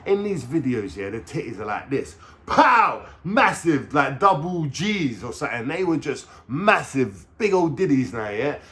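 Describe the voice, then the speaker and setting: A man in his thirties with a London accent tells a story straight to his viewers, slangy and full of swearing, checking in with them as he goes. His voice sits at an ordinary pitch for a man. It often sinks low and quiet, then jumps back up loud and animated. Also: moderate pace, few pauses. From England. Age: 30s. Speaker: vlogger. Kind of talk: casual storytime monologue.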